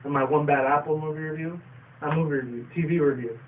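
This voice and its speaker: A man's voice: fairly high pitch, fairly even intonation, fast talker. A young man casually reviewing a cartoon episode, rambling with fillers and casual swearing. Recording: distant tinny phone-like sound, faint noise.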